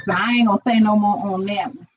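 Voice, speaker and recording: A woman's voice: mid-range voice, steady tone, quick pace, highs cut off, noisy background. A chatty woman, rambling casually to viewers while she cooks in her kitchen. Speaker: vlogger cooking live. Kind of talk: casual live-stream chat. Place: home kitchen.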